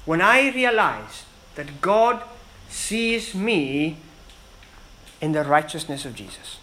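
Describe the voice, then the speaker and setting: A man preaching a sermon in an earnest, emphatic way, with dramatic pauses between phrases. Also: high-pitched, pushed and bright, poor audio.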